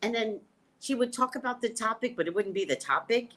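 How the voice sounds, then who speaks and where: This woman hosts a relaxed psychic livestream from home over a webcam microphone, her voice sitting on the higher side and her pace brisk. She chats animatedly with viewers and laughs frequently.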